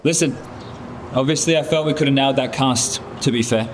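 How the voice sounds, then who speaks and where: A man's voice: mid-range voice, fairly quick, very noisy. A man angrily scolding a fellow commentator, swearing heavily. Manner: angry, scolding, heavy swearing.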